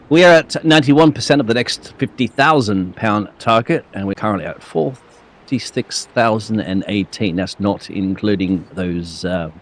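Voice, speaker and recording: Male race co-caster, playful and teasing. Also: on the low side. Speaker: race commentator. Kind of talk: live sim racing stream commentary.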